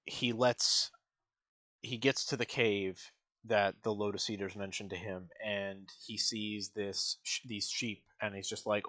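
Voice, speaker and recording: A man's voice: fairly low pitch, steady tone, unhurried, bright, forceful tone, no echo. A man streaming a reaction to a musical, rambling through casual commentary with lots of fillers and acted-out quotes.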